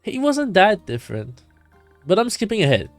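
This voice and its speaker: Man doing a bright, sing-song young woman spinning a tavern yarn, raised pitch, bouncy delivery, dry close sound. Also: normal speed, dry recording, soft background music. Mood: animated. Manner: lively storyteller reading game dialogue aloud.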